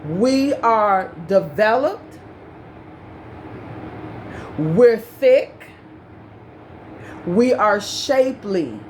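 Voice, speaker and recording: A woman's voice: mid-range voice, animated, drawn-out words, pauses often, darkish tone, a little hiss or hum. A woman giving an emphatic opinion rant to the camera, full of repeated points and rhetorical questions. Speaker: commentary vlogger.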